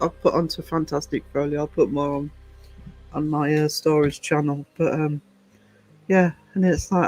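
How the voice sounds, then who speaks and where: British male channel host, casual and digressive, voice sits a little high. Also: dry recording, low-quality recording. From United Kingdom. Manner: chatty, rambling, digressive. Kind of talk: casual livestream chat.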